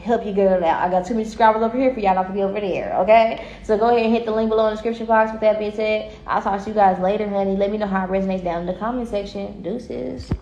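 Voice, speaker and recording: A woman reading tarot in a loose, casual monologue, blunt and full of swearing as she tells her stories. Her voice is mellow and dark-toned. The sound is roomy and a little dull. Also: mid-range voice, racing, few pauses, slight background noise. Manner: blunt, heavily profane, animated storytelling. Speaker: tarot card reader.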